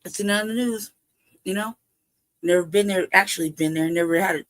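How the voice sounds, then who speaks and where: On a home livestream, a host with a mid-range voice wanders through a personal story in casual conversation, cursing heavily and laughing often. They act out both sides of a conversation they remember, at a moderate pace with a fairly bright tone.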